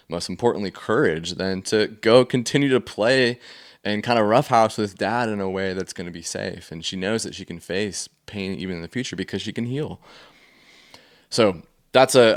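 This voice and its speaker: Guy with a lowish voice teaching about feelings, chatty, tells stories, lots of "like" and "um". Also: a little fast. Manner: conversational, storytelling with many fillers. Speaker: faith-based emotional health teacher. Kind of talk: casual teaching talk.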